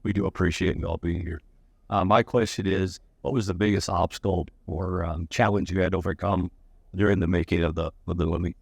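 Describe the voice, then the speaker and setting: Low gravelly man, audience question, off-mic a bit. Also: fairly even intonation, brisk, a little mellow, no room sound, studio quality. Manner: polite, slightly hesitant. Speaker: audience member asking a question.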